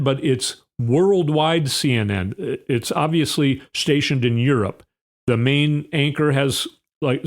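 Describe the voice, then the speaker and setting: A man hosting a casual political commentary, reading news excerpts aloud with conversational asides. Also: medium pitch.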